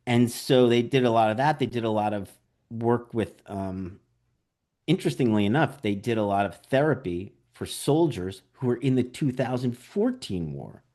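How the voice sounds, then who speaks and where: A man's voice: medium pitch, moderate pace. Guy, documentary director in an interview, tells stories w lots of energy, acts out what people said, says "like" and "you know" a ton. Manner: animated storyteller, acts out quotes; frequent "like" and "you know" fillers. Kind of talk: interview conversation.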